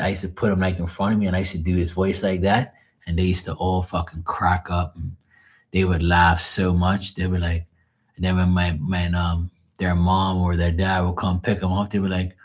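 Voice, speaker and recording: A man chatting casually on a live stream, telling rambling stories with lots of swearing and chuckles. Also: sits low. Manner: profane, storytelling, chuckling.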